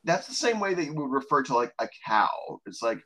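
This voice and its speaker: A man co-hosting a casual podcast, talking in an animated way, swearing freely and laughing often. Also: mid-range voice, a little fast, low-quality recording. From United States. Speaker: podcast co-host.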